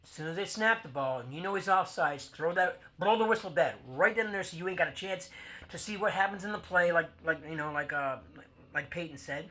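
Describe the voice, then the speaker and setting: A man's voice: high voice, fairly quick, sharp tone. A man hosting a football talk show, ranting bluntly with lots of fillers and swearing. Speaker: sports podcast host. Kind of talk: casual sports rant.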